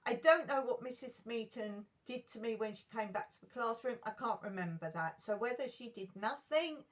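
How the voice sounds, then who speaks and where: A middle-aged woman recounting school memories in an emotional, animated storytime vlog. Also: on the high side, moderate pace.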